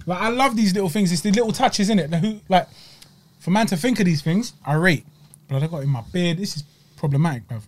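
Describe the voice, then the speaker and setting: A man's voice: high voice, animated, fast. A man, hosting a podcast and reviewing desserts in casual, emphatic chat full of slang and repeated lines. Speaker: podcast host. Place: studio.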